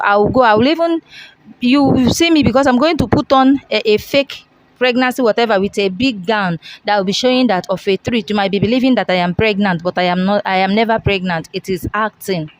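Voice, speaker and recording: A woman's voice: a little high, no echo, low-quality recording. A young woman, giving a long earnest confession and acting out the dialogue as she tells it. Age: young adult. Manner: storytelling, acts out dialogue, earnest. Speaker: interviewee confessing.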